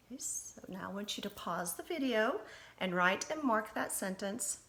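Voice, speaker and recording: A woman teacher with a mid-range, animated voice gives a spelling lesson to young pupils. She dictates slowly and deliberately, spelling out letters one by one with patient encouragement.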